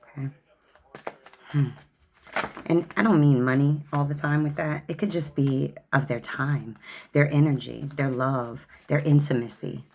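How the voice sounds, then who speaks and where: Very deep-voiced gravelly woman tarot reader. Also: fairly even intonation, unhurried, a little mellow, a little hiss or hum. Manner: sassy, chatty, calls the viewer honey and child. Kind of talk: tarot card reading to camera.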